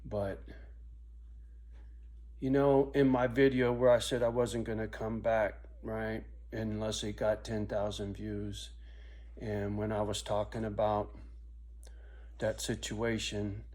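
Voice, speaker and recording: A man's voice: fairly low pitch, a little mellow. A middle-aged man talking alone to his camera in a casual vlog, rambling, swearing freely and often tagging "right?" onto his lines. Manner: profane, rambling, self-reflective, often ending lines with a muttered "right?". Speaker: vlogger.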